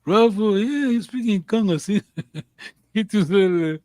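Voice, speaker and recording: Slow-paced, higher-voiced male teacher. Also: animated, dark tone, dry recording. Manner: slow, patient, encouraging drills. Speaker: language teacher. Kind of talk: online language lesson.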